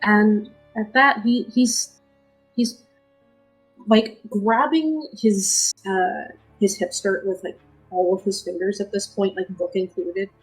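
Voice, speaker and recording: A woman player narrating her character's actions in a tabletop game, in a hesitant, halting way. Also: medium pitch, steady tone, breathy edge, soft background music, poor audio.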